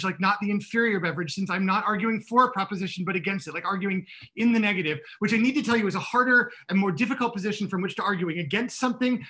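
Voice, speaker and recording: Man, comedic debate, rambling, repeats himself, high, bright tone. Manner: rambling, jittery, repeats words. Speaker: faculty debater.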